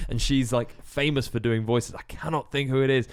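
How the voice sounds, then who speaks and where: A man's voice: medium pitch, steady tone, clear, resonant tone. A man speaking casually on a podcast, his mid-range voice full of fillers and restarts. He often gropes for a name or word before carrying on. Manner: halting, searching for words with many fillers. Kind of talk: casual chat.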